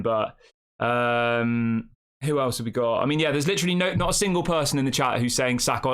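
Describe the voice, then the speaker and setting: A man hosting a fan channel live stream, rambling casually and reacting to the chat with rhetorical questions. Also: mid-range voice.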